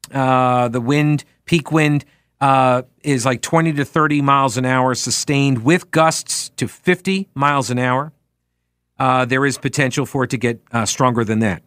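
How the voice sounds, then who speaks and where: Talk radio host, male, bright and forceful, sarcastic ranter, dry studio sound. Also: mid-range voice, dry recording. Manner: sarcastic, ranting, many fillers. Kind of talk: casual talk radio monologue. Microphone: studio microphone.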